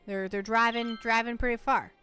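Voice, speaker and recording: A woman's voice: fairly high pitch, fairly even intonation, moderate pace, sharp tone, faint music behind. A woman from the United States chatting playfully and teasingly while livestreaming a game, often repeating words as she goes. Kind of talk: casual gameplay livestream chat.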